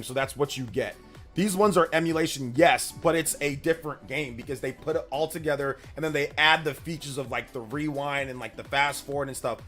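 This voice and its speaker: A man's voice: on the high side, fairly bright tone. A man in his thirties chatting casually with his live-stream audience, rambling and slangy, repeating himself. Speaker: streamer reading chat.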